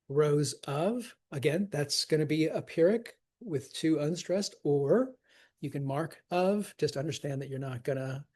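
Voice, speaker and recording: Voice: mid-range voice, warm tone. A teacher explaining poetic meter in a casual, enthusiastic way, laughing now and then. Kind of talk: scansion lesson.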